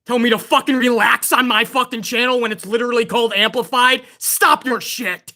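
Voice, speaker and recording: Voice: medium pitch, a little fast. A livestream host of a pro wrestling channel ranting heatedly, swearing often. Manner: excitable. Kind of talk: livestream rant.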